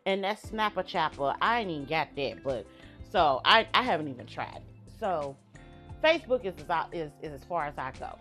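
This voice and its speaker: Middle-aged woman host, chatty monologue, lowish voice. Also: sing-song, normal speed, a bit bright, soft background music. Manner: chatty, addresses listeners as y'all. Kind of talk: casual monologue.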